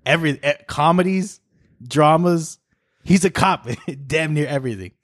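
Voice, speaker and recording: A man's voice: fairly high pitch, moderate pace, a bit bright, no room sound, studio quality. A man co-hosting a podcast, talking bluntly and with profanity in casual chat. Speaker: podcast co-host.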